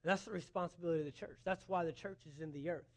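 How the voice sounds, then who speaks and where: In a sermon that also touches on racing, a high-voiced pastor preaches with earnest, growing emphasis. He makes his points by acting out imagined conversations.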